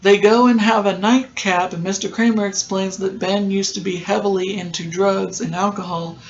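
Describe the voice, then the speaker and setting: A podcast host giving a casual, chatty recap of a TV episode, wandering into asides and filling pauses with ums. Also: mid-range voice, steady tone, muffled recording, slight background noise.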